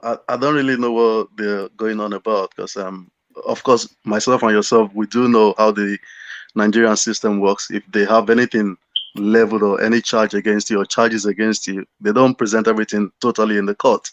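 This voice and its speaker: A man speaking as a panelist on a talk show, explaining calmly over a dull remote line. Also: fairly low pitch, a little fast, dry recording.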